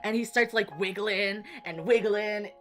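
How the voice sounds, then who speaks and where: Over soft background music, a woman streamer chats casually with her viewers in an unhurried, mid-range voice. It's a live-stream conversation full of rambling and frequent apologies.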